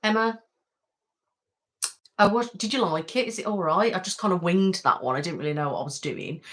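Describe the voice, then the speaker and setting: Chatty West Midlands woman, low voice. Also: animated, quick pace. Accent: West Midlands English. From West Midlands of England. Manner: chatty, rambling, self-deprecating, many ums. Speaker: ASMR channel host. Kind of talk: casual live-stream chat. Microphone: webcam setup at home.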